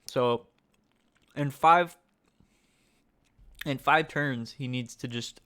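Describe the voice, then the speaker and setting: A man giving live-stream commentary on a card game tournament, excitable and thinking aloud, often asking his chat questions. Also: medium pitch, slow, pauses often.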